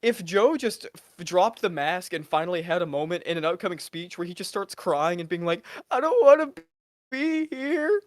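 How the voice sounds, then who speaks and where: A playful young male podcast co-host, cracking jokes in an easy chatty way. His voice sits at a middle pitch and is heard dry and close. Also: brisk, hardly any pauses, no room sound. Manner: joking, playful. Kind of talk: casual chat.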